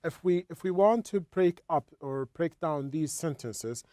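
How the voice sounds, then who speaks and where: Halting teacher explaining English grammar, a man. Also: fairly high pitch, expressive, warm tone, no echo. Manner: halting, repeats words while explaining. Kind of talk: explaining a textbook lesson.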